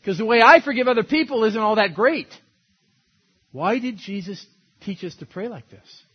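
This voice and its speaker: A male pastor preaching in a relaxed, talky sermon style, with a slightly husky voice that swings widely in pitch. He tells stories and chuckles at his own points. The recording is dull and lo-fi. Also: normal speed. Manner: conversational, storytelling, laughs at own points.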